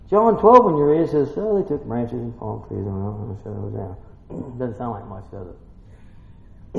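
A man preaching a folksy Bible-teaching sermon, swinging between quiet musing and excited exclaiming. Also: medium pitch, a little fast, gravelly. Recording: echoey room, muffled lo-fi sound.

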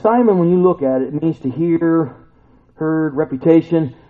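A man preaching a casual sermon in a conversational, animated way, acting out the voices of the people he quotes. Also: fairly high pitch, moderate pace. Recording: tinny lo-fi phone-like recording.

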